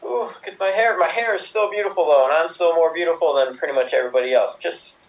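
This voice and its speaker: A man's voice: a little high, quick pace, natural voice. A man putting on the voice of a vain, bubbly blonde woman in an improv film remake, preening and sing-song. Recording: voice from a distant mic.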